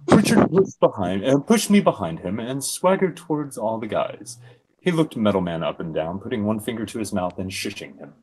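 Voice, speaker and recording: Man reading with wildly lively pitch. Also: normal speed, a little hiss or hum. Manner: expressive, giggling. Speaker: fan fiction reader. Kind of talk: comedic dramatic reading.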